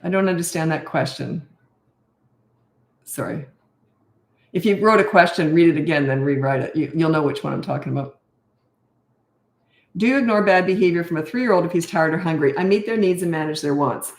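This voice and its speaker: A woman's voice: low-pitched, a little fast, pauses often, reverberant. An older woman and parenting coach answering viewer questions in a frank, blunt, self-mocking way.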